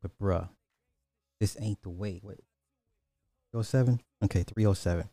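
A man's voice: lowish voice, moderate pace, dry recording, studio quality. A man hosting a reaction video, talking casually with jokes and bursts of laughter. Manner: animated, joking, breaks into laughter.

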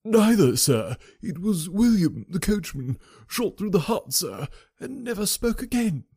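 A man's voice: high voice, very animated, a little slow, darkish tone, slightly rough, pitched above the performer's own voice, heavily acted. A man voicing a flustered, breathless male butler in an audiobook, gasping and urgent. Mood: shaken. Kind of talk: audiobook character reading.

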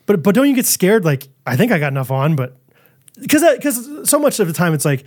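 A man's voice: high-pitched, sing-song, a little fast. A man co-hosting a podcast, chatting casually with enthusiasm and teasing his co-host. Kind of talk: casual chat.

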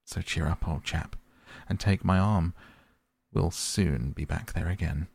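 A man's voice: deep voice, unhurried, creaky, darkish tone, husky, no room sound, full character voice. A man reading the part of a kindly, hearty male water rat in a storybook, talking in a bluff, cheerful way.

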